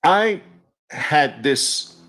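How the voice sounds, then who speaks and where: Emphatic mocking man, fairly high voice. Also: sing-song, very slow, fairly bright tone. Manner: emphatic, mocking, repeats phrases for effect. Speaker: host. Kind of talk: live audio-room monologue. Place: live online audio room.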